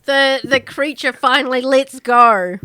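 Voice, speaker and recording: Bright-voiced woman running a tabletop game. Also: high voice, dry recording. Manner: laughs often, quick asides. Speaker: game master. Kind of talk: narrating a tabletop game, casual.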